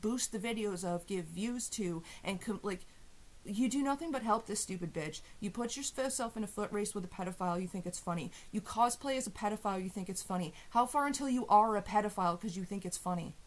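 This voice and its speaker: A woman's voice: mid-range voice, brisk. Woman ranting angrily and swearing. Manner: heated, profane, sarcastic. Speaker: vlogger. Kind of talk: angry rant to camera.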